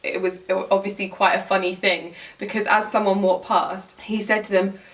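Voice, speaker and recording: A woman's voice: medium pitch, little pitch movement, moderate pace, recorded from a distance. A young woman, talking to camera in a giggly, rambling vlog style with many fillers. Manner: giggly, rambling, heavy use of "like". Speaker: lifestyle vlogger. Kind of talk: chatty storytelling to camera.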